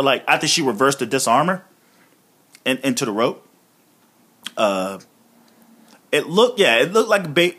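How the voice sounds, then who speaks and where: A man hosting a solo review podcast, talking casually and with a lot of profanity, excitable and laughing often as he retells scenes. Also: fairly high pitch, slightly rough. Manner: profane, excitable, swings between mumbling and loud outbursts. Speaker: podcast host reviewing wrestling shows.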